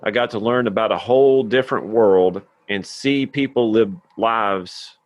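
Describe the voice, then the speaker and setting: Low-voiced man hosting a podcast. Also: a little slow, dry recording, dull audio. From Tennessee, USA. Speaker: podcast host. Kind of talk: scripted intro then casual chat.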